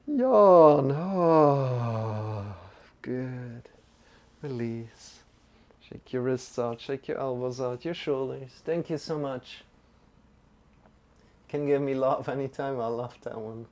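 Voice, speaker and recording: A man leading a live-streamed yoga and meditation class, giving gentle, encouraging cues and chatting with viewers between them. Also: mid-range voice, steady tone, measured pace. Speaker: yoga teacher.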